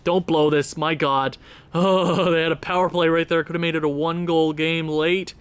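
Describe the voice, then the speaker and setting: A young man casually commentating his hockey video game season, quick and excitable as he recaps scores. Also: a little high, clear, resonant tone, dry recording. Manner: excitable, talks fast through game recaps. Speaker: gaming YouTuber.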